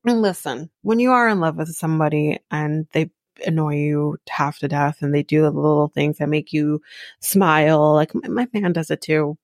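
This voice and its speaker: A woman's voice: low voice, fairly even intonation, moderate pace, darkish tone, dry recording, clean studio sound. A woman from Jamaica hosting a podcast, giving blunt, sarcastic casual commentary and swearing freely. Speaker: podcast host recapping a reality show.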